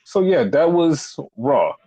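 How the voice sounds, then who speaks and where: A man's voice: on the high side, very animated, slow pace, dark tone, low-quality recording. A man in his thirties hosting a wrestling podcast, ranting in a heated, profane, filler-heavy casual way. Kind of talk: casual rant.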